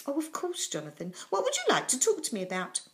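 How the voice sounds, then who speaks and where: A woman's voice: sits high, wildly swooping pitch, quick pace, pitched above the performer's own voice. A woman voicing a kindly male schoolteacher in a children's storybook reading, speaking in a soothing, patient way. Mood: gentle.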